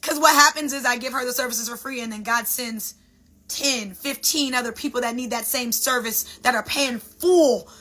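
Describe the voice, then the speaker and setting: Animated woman giving a spiritual pep talk. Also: a little high, moderate pace. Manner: super animated, preachy, dramatic. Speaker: sound bowl healer.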